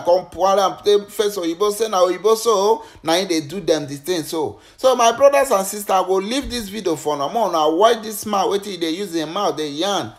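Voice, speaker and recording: A man with a Nigerian Pidgin accent, a vlogger chatting directly to his viewers. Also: high voice. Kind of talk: casual commentary to viewers.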